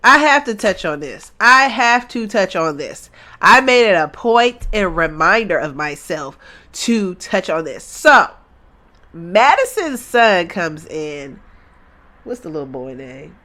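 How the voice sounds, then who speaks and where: A woman's voice: lowish voice, big pitch swings, slow pace, bright, forceful tone. A woman hosting a reaction video, giving casual, blunt and emphatic commentary on a reality show while talking back to the screen. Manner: blunt, uses swear words.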